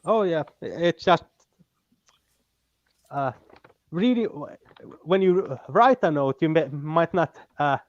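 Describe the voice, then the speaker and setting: A man with a Finnish accent talking as a guest in casual chat, pausing often with fillers and restarts. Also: a little high, expressive, no echo, muffled recording. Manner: halting, many fillers and restarts.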